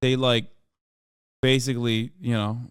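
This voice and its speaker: A man in his thirties giving casual, profane reaction commentary as a streamer, animated and swearing, building into loud excited rants. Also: medium pitch, measured pace, clear, resonant tone, no room sound, studio quality.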